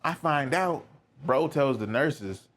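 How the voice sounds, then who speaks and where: A man's voice: fairly high pitch, animated, slow pace, a bit bright. A young man hosting a podcast, telling a personal story in a candid, rambling way with lots of filler words. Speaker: podcast host.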